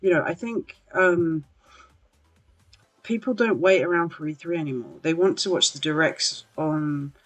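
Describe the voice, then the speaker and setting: A podcast host speaks a little slowly in a medium-pitched voice on a casual livestream, meandering through filler-heavy chat, apologizing and chuckling at their own expense. Faint music plays underneath.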